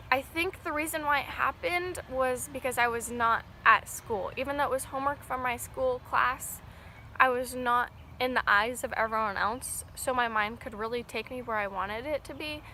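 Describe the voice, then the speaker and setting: A woman's voice: high voice, normal speed, sharp tone, slight background noise. A young adult woman telling a personal story in an earnest, rambling, emotional way, straight to camera. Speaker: vlogger.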